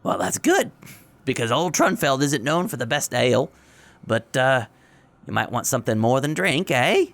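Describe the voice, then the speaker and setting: A man's voice: medium pitch, sing-song, normal speed, fairly bright tone, no room sound, pitched above the performer's own voice. A man voicing a shifty, pushy woman tout in a tabletop game, with a wheedling way of talking.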